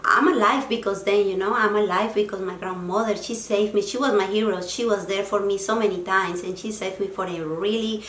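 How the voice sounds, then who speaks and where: Woman in her forties, Spanish accent, earnest heartfelt vlogger, mid-pitched, echoey room, faint hum behind. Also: a little fast, hardly any pauses, fairly bright tone. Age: 40s. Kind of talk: personal self-help vlog.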